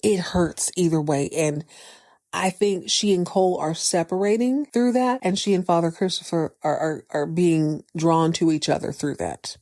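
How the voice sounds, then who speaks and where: A woman's voice: on the low side, normal speed, darkish tone, no room sound, clean studio sound. A woman hosting a podcast, recapping a TV episode in a casual, playful way with slangy jokes and asides. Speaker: podcast host.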